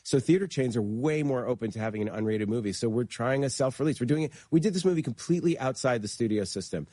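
A man talks quickly and eagerly, trading stories as a guest in a conversation. He slips into other people's voices as he recounts things. The sound is close and dry. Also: medium pitch, dry recording. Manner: fast, excitable, acts out quoted voices. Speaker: horror film producer and director guest. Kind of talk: animated storytelling in conversation.

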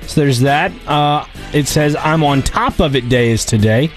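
A man's voice: fairly high pitch, measured pace, soft background music. Man reading a daily list on air. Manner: reading offhand with asides and fillers. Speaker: radio co-host.

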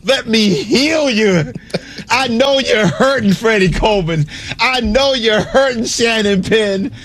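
A man's voice: sits high, a bit bright, voice pushed up, heavily acted. A man putting on a crooning preacher-healer coach. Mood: mock soothing. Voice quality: slow, crooning, sermon-like. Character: male basketball coach as soothing preacher-healer.

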